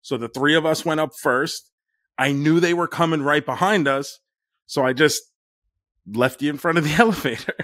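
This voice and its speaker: A man's voice: a little high, moderate pace, a bit bright, no echo, clean studio sound. Laughing man telling a story. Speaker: guest. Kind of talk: casual storytelling.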